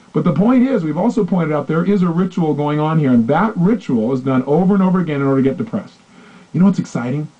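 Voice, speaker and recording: A man giving a motivational seminar talk, animated and acting out conversations with shifting voices, in a dull lo-fi recording. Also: on the high side, husky. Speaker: motivational speaker.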